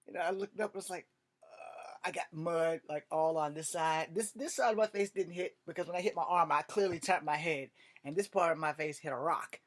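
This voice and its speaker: A man's voice: fairly high pitch, moderate pace. A man casually telling a personal story, rambling and swearing with lots of fillers. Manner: rambling and profane, full of fillers. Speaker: vlogger.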